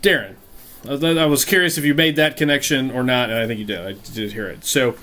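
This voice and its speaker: A man running a tabletop game as game master, narrating in a halting way, often searching for words. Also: mid-range voice, bright, forceful tone.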